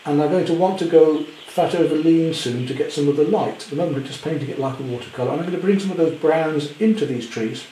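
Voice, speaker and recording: A man demonstrating a painting at home, chatty with gentle self-deprecating humour. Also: a little high, reverberant, slight background noise, poor audio. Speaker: art teacher. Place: indoor studio at home.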